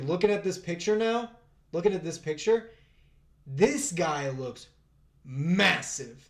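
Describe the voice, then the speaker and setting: A man hosting a casual live fight stream, chatting with his viewers, thinking out loud and laughing often. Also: a little high.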